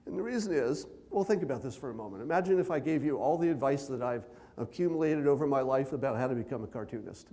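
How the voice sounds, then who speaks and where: A man giving a conference keynote speech, conversational with dry self-deprecating humor, deliberately speaking at a raised pitch. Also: lively intonation, mellow. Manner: loose, unhurried delivery with many fillers and asides.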